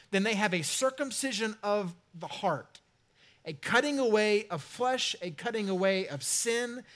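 Male pastor, higher-pitched voice, casual sermon delivery with playful asides to the congregation. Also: fairly bright tone. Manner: conversational, jokey asides to the congregation. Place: church sanctuary.

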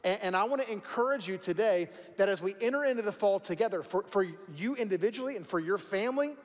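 Male pastor, chatty sermon, says things twice for emphasis, high-ish voice. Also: expressive, fast, big-room sound. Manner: conversational, repeats words for emphasis. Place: church sanctuary.

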